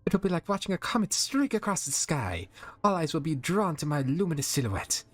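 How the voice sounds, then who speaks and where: A man's voice: fairly high pitch, very animated, brisk, dry recording, pitched above the performer's own voice. A man voicing a glamorous female pony supermodel who gushes dramatically and drops French phrases. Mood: gushing theatrical. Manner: gushing, dramatic.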